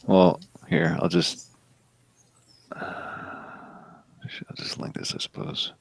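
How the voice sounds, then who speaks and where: A man hosting a casual online hangout chat over a headset, rambling and mocking with frequent swearing. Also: drawn-out words. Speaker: host. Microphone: headset on a video call.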